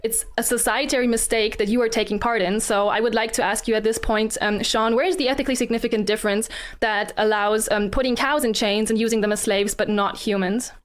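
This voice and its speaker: A woman arguing a moral position in a debate, earnest and preachy, with frequent pauses and ums. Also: on the high side, steady tone. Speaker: vegan debater. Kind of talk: formal debate argument.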